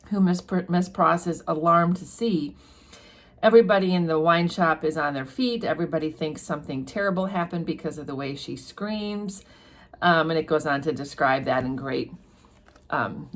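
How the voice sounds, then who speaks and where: A woman talking through a classic novel, reading passages aloud and explaining them in a chatty way with many fillers. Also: sits low. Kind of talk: casual book commentary with read-aloud passages.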